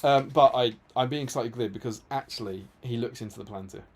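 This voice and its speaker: A man co-hosting a tabletop wargaming stream in a relaxed, chatty way. He reads passages aloud and then paraphrases them with dry jokes, at a middle pitch. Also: fairly quick. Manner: lively storyteller who reads quotes aloud and adds jokey paraphrases. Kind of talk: casual chat.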